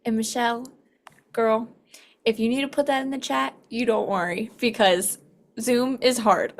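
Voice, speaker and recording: Woman host, slightly high voice, encouraging, laughs easily, video-call audio. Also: steady tone, normal speed.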